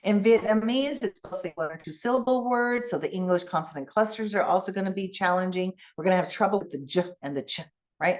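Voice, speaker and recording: With a mid-range voice, a middle-aged keynote speaker leads a conference talk, animated and teacherly as she walks the audience through speech sounds.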